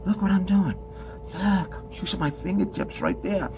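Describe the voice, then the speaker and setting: A man's voice: sits high, sing-song, moderate pace, a little mellow, a little hiss or hum. A man teaching pottery at the wheel in a studio, chatty and joking as he demonstrates step by step.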